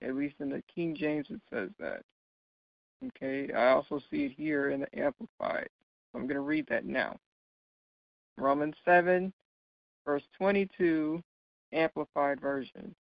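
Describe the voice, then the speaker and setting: A man's voice: a little high, animated, unhurried, vocal fry, long pauses, dry recording. A man teaching a Bible study lesson, explaining patiently and checking in often with his listeners. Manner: checks in often with "right?" and "okay?"; explains patiently with light laughs. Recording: dull, dry lo-fi recording.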